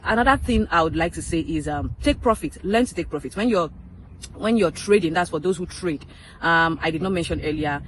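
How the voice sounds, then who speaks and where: A woman's voice: low voice, a little hiss or hum, low-quality recording. A chatty woman vlogging to her viewers, stressing and repeating each point with playful teasing asides. She talks in an easy, unscripted way from a public spot where people pass by. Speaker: crypto vlogger. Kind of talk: casual advice vlog.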